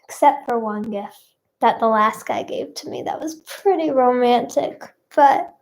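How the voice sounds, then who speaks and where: A woman's voice: high voice, unhurried. A woman hosting a playful live stream, chatting to viewers and reading out their guesses in a bubbly way. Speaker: livestream host.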